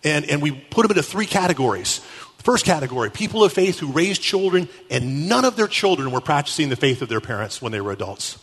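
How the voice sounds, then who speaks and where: A man giving an animated storytelling talk at a Catholic conference, acting out the people he quotes. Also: a little high, fast, slightly rough. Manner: animated, acts out quotes with shifting voices. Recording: echoey hall.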